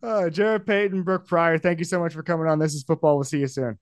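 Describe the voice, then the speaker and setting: A man's voice: on the high side, fairly even intonation, fast, clear, resonant tone, no echo. Chatty male podcast host, dry sound. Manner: friendly, laughs along, prompting. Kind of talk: casual interview.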